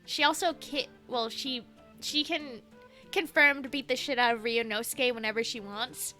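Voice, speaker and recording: A woman's voice: fairly high pitch, steady tone, normal speed, sharp tone, faint music behind. A woman streamer chatting casually with a friend, rambling and giggly as she recaps a game's story. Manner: giggly, rambling, swears freely. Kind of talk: casual let's-play chat.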